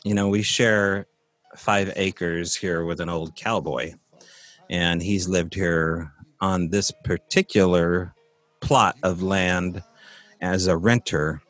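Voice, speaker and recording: A man's voice: deep voice, steady tone, slow pace, a bit bright, no room sound, faint music behind. A man casually telling a long, rambling story from his rural property, with many fillers and restarts.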